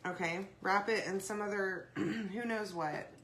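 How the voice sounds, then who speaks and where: A chatty woman hosts a home craft video, rambling between steps and checking in with her viewers. Her voice is bright and forward, and she keeps clearing a dry throat. A faint hiss of noise sits under her speech. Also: medium pitch, steady tone, a little slow. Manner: chatty, rambling, says "y'all" and "okay?" often. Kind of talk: casual craft demo chat.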